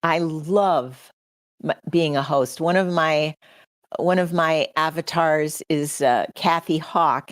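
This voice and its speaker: A woman's voice: sits low, no room sound, clean studio sound. A middle-aged woman hosting a livestream, speaking earnestly and personally to her audience. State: choked up with emotion. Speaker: podcast host.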